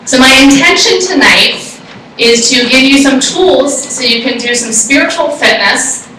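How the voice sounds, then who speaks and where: A woman giving a live talk to an audience and telling a personal story in an excitable, animated way. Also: sits high, unhurried, slight background noise. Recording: echoey room, far from the mic.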